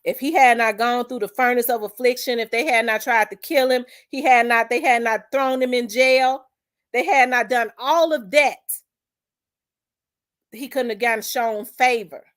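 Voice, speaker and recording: A woman's voice: fairly high pitch, fairly even intonation, moderate pace, fairly bright tone. Emphatic woman preaching to her channel. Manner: repetitive, emphatic, scripture-quoting, colloquial. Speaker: channel host. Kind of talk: emotional preaching-style monologue.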